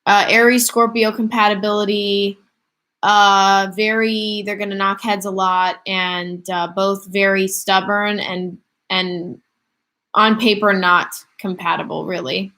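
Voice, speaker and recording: A woman's voice: medium pitch, little pitch movement, a little slow, pushed and bright. A woman in her twenties chatting casually on a livestream, rambling through viewer questions with lots of fillers. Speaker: livestream host.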